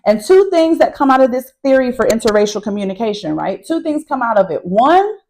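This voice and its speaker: Poor audio with slight background noise captures a college instructor in a parked car, briskly recapping her class in a fairly high voice. She speaks to viewers as y'all, casual yet emphatic and animated.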